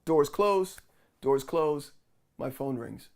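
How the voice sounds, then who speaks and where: A man's voice: on the high side, slow, gravelly. A man vlogging, casually retelling a frustrating story with lots of quoted back-and-forth. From New York. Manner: animated retelling with quoted dialogue.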